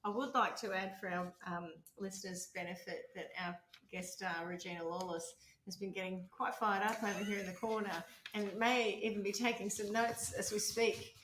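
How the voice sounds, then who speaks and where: A woman's voice: medium pitch, fairly even intonation, moderate pace, roomy sound, background noise. A woman co-hosting a podcast, chatty and teasing, laughing easily. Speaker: podcast co-host. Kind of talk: casual chat.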